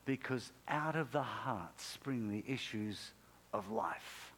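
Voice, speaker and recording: A man's voice: medium pitch, slow, a bit bright, slight background noise. A male pastor preaching a sermon in an emphatic, repetitive way, punctuated by sudden exclamations.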